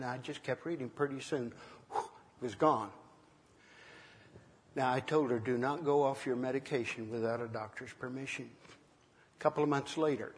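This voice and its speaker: An older man, a minister, preaching in an unhurried, conversational way, telling stories from his ministry with frequent pauses. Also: mid-range voice, big-room sound. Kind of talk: sermon teaching with personal stories.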